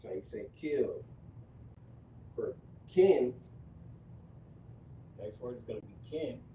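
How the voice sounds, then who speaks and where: A man teaching script and pronunciation in a slow, repetitive lesson, often stopping to correct himself. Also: mid-range voice, lively intonation, slight background noise. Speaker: language teacher. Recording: distant, dull, echoey room recording.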